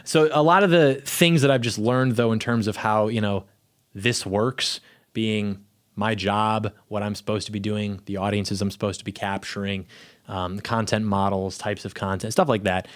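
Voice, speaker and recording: A young man with a fairly low voice talks loosely to camera in a small home studio. He rambles and restarts his sentences in an offhand, unscripted way, like a YouTuber speaking off the cuff. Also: steady tone, normal speed. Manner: rambling, self-interrupting, offhand. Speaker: YouTube commentator. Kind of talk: casual chat to camera.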